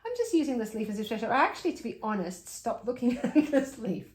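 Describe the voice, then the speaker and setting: Woman chatting through a drawing lesson, lively up-and-down voice, kinda echoey room. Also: fairly high pitch, quick pace. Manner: chatty, reflective, laughs often, talks to viewer while drawing. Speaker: art tutor. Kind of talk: casual drawing tutorial.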